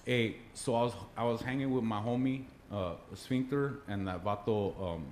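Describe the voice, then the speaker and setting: A man's voice: medium pitch, moderate pace, darkish tone, slight background noise, close to an everyday voice. A man putting on a laid-back, slangy stoner homie who drawls through a rambling tall tale. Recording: roomy echo, faint background.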